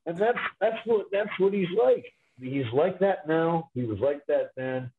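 A man's voice: on the high side, animated, measured pace. Guy calling in over a crackly phone line, rambling fond stories. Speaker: guest. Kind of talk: casual sports talk.

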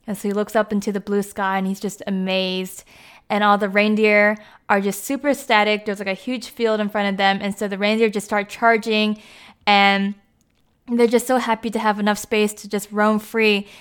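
A woman's voice: medium pitch, level tone, moderate pace, fairly bright tone, smooth. A woman giving a casual, chatty recap, with lots of "like" and "you know" as she talks.

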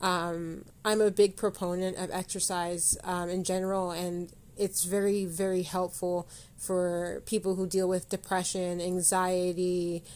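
A woman's voice: lowish voice, flat delivery, a little slow, hardly any pauses, a little mellow. A woman hosting a motivational solo podcast. She rambles, corrects herself mid-sentence and speaks straight to the listener. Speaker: podcast host.

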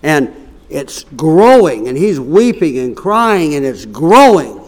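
A middle-aged man preaching a sermon, telling stories and swinging from quiet asides to loud, raised passages. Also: a little high, very animated, takes it slowly.

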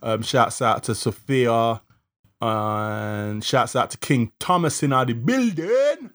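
Relaxed man hosting a podcast. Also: mid-range voice, slow pace. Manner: relaxed slang-heavy banter. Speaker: podcast co-host and DJ. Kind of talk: casual chat.

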